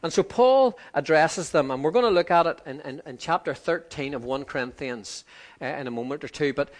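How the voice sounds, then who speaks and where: Man preaching a lively sermon. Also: fairly quick. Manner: conversational, acts out quoted voices with lively pitch swings.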